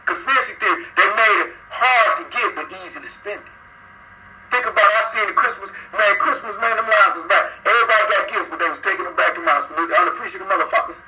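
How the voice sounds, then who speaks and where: A man's voice: sits high, fast talker, bright, forceful tone, poor audio. A man hosting a casual live call-in podcast, rambling, swearing freely and greeting listeners by name. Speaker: podcast host.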